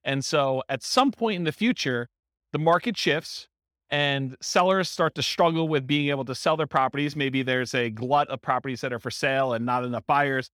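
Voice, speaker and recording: A man's voice: medium pitch, fairly bright tone, clean tone, no room sound, clean studio sound. A man teaching a live class on real estate investing, answering a question conversationally and asking himself rhetorical questions. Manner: fast, conversational, thinks aloud with rhetorical questions.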